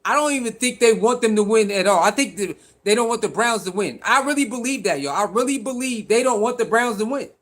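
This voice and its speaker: A man's voice: high-pitched, expressive, brisk, hardly any pauses, a bit bright. A man hosting casual sports reaction commentary, talking in slang, repeating himself and calling out to his viewers. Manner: slangy, repetitive, calls out to viewers.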